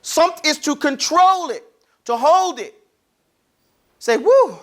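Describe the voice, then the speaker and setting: High-voiced man teaching pronunciation to a class. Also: animated, a little slow. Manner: calls on the class to repeat sounds after him; demonstrates sounds, sometimes loudly. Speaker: Arabic teacher. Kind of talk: classroom lesson on letter pronunciation.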